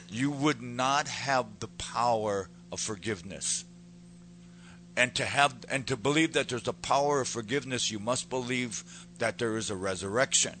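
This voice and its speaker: A man's voice: medium pitch, moderate pace, bright, forceful tone, a little hiss or hum. A man preaching a sermon with fervent emphasis, repeating words to stress his points.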